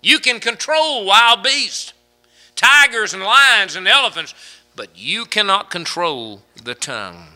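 Bright-voiced high preaching man. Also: sing-song, slow pace, soft background music. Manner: dynamic preaching, swinging from loud emphasis to hushed asides. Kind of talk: sermon with humorous anecdotes.

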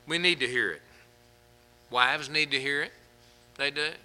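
A man delivering a sermon in a strikingly bright, fairly high voice. He poses rhetorical questions, tells lighthearted anecdotes, and swells into fervent, emphatic preaching. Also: a little slow. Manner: humorous anecdotes with fillers.

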